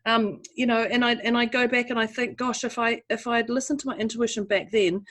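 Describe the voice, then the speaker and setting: A woman's voice: on the high side, steady tone, fairly quick, fairly bright tone. A woman co-hosting a podcast, talking casually. She tells a personal story in a chatty, self-deprecating way and breaks into laughter now and then. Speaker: podcast co-host. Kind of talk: casual conversation.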